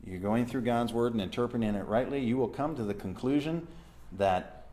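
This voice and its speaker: A man's voice: mid-range voice, normal speed, warm tone. A man leading a church Bible study. He reads verses aloud, explains them and asks his listeners questions.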